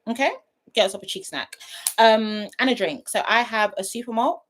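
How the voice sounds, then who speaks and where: A woman's voice: fairly high pitch, animated, brisk, a little hiss or hum. Chatty young woman hosting a livestream. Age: 20s. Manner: chatty, playful, shouting out viewers by name. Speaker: YouTube livestream host. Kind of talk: casual livestream chat greeting viewers. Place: at home, her sister's house.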